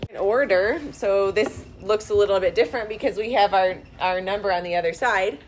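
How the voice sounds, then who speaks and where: A woman math teacher in a classroom, walking students through problems step by step in a slow, deliberate way. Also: mid-range voice, slight background noise. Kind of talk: classroom instruction.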